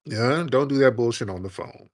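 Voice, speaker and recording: A man's voice: medium pitch, expressive, normal speed. A man from the United States hosting a call-in radio show, scolding callers in a blunt, confrontational way. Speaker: host taking callers.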